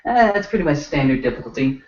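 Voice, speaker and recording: A man's voice: a little high, big pitch swings, fast, darkish tone, far from the mic. A man running a tabletop role-playing game as game master, narrating in a loose way full of fillers. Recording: dull lo-fi audio.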